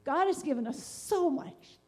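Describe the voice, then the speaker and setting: A woman shares a heartfelt testimony in a rambling, unscripted way, circling back with fillers and restarts. Her voice sits a little high but sounds soft and mellow. She speaks earnestly about wanting to help others. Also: animated, measured pace. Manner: meandering, many fillers and restarts. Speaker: church speaker sharing a devotion.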